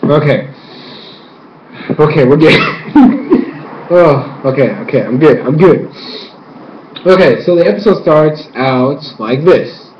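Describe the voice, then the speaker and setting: A young man giving an excited, rambling casual review, acting out characters' lines as he retells the story. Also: a little high, slow pace, long pauses, slight background noise. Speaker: YouTube reviewer. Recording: echoey room, dull lo-fi mic.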